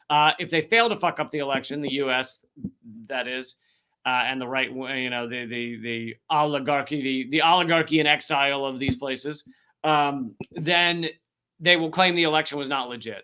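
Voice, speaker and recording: Sarcastic man, bright and forceful. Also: fairly high pitch. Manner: sarcastic, swears freely. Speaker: comedian and show host. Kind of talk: casual livestream chat, comedic.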